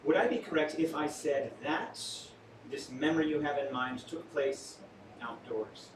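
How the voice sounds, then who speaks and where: A man with a slightly high voice works a small room as a stage mentalist, his patter theatrical and full of teasing jokes. He sounds set back from the microphone in an echoey space. The murmur of the room hums clearly behind him. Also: a little slow. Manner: playful, theatrical, jokey asides to the crowd. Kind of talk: live stage magic patter with audience. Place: small restaurant venue with live audience. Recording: echoey room, far from mic, audience noise.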